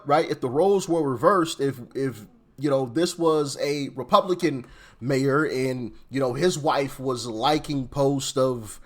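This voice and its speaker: A man with a slightly high voice talks through his reaction commentary in a loose, rambling way. He circles back, repeats words and restarts his sentences as he thinks aloud. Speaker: commentary channel host.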